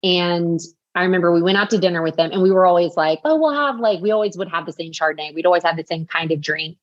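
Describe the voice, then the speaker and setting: A woman's voice: fairly low pitch, fairly even intonation, fast talker, no room sound, muffled recording. A woman in her forties, a podcast guest, candidly telling a personal story in a heartfelt way, full of fillers. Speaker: podcast guest, author and speaker.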